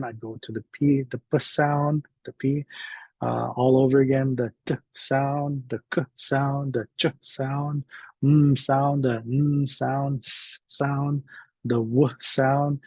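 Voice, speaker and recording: A man giving a teaching presentation, slowly sounding out syllables and often checking in with "right?". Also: medium pitch, darkish tone, breathy edge, no room sound, poor audio. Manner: slow, repeating syllable sounds aloud; frequent fillers and "right?" tags.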